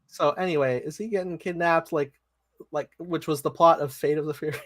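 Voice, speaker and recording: A man's voice: a little high, brisk. A man hosting a casual pop-culture podcast, explaining things in an easygoing way and laughing along. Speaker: podcast host. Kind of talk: casual chat reacting to a trailer.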